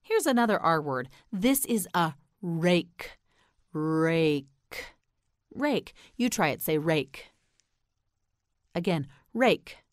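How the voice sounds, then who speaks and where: A woman with an American accent teaching English pronunciation, slowly enunciating and repeating words for learners to say back. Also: on the low side, sing-song, no room sound, studio quality. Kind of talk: slow drilled vocabulary lesson.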